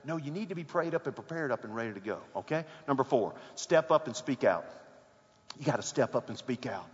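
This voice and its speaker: A man preaching a sermon, telling a sports story with rising excitement and shouts. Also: mid-range voice, quick pace, long reverb tail, highs cut off.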